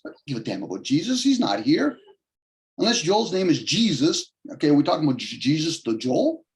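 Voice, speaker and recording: Man holding forth on a video call, loose and argumentative, voice slightly raised in pitch. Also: sing-song, brisk, creaky. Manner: rambling, argumentative, shifts pitch often for emphasis and quoted voices. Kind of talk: casual rambling monologue on a video call.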